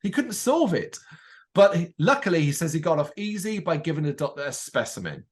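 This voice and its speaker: On a podcast he co-hosts, a man with a higher voice talks fairly quickly through a casual TV episode recap. He's animated throughout, acting out the dialogue he quotes.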